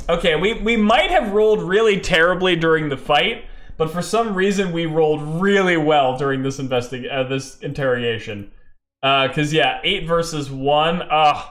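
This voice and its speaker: Casual solo game narrator, male, a bit high-pitched, rambling delivery. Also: a bit bright, reverberant. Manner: loose, rambling with many fillers.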